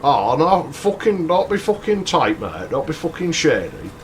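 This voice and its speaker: A man's voice: a little high, big pitch swings, measured pace, slight background noise, pitched above the performer's own voice. A man voicing a drunk, belligerent young man, slurring, swearing and cadging cigarettes.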